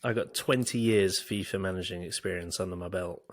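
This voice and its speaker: A man's voice: low voice, a little fast. A young man co-hosting a casual podcast, chatty and jokey, rambling with plenty of fillers. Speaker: podcast co-host. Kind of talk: casual chat.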